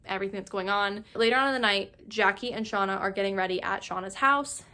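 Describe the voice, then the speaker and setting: A woman's voice: medium pitch, fast, sharp tone. A woman narrating a casual TV recap, chatty and full of fillers, acting out the characters' lines in a loose, conversational voice. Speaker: recap YouTuber.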